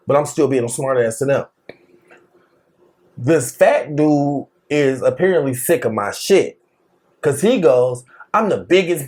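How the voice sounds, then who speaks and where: Animated high-pitched man telling a story. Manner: animated, slangy, laughs often, acts out quotes. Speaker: podcast co-host telling a story. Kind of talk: casual storytelling.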